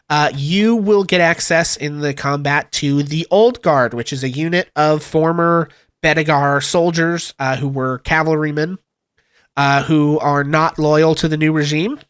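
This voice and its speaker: A man's voice: on the high side, a bit bright, clear, resonant tone, dry recording, clean studio sound. A man running a tabletop game as game master, rambling with many fillers.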